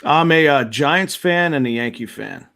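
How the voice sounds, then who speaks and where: Man, from New Jersey, slightly high voice, animated, laughs while telling stories, casual chat guest. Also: unhurried, creaky, a crowd in the background. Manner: animated storyteller, laughs through his story. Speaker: comic creator, guest.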